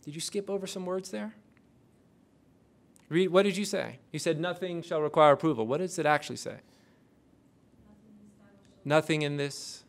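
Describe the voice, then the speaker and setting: Man, lecturer, gravelly voice, interactive classroom lecture peppered with questions. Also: on the high side. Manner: quizzes the audience with rapid questions. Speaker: lecturer on intelligence oversight.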